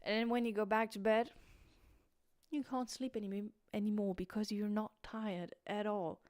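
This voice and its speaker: A sleepy young woman rambles through a late-night livestream in British-tinged English, stopping and restarting her sentences. Her voice is smooth and clear. The sound is dry and close, with no room echo. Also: mid-range voice, fairly even intonation, moderate pace, darkish tone. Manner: rambling, restarts, many fillers. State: sleepy, tired. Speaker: streamer.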